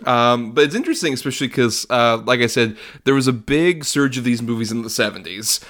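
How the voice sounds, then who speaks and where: A man's voice: mid-range voice, brisk, fairly bright tone. Chatty man co-hosting a film podcast. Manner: chatty, rambling, laughs often, many fillers. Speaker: podcast co-host. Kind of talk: casual film podcast chat.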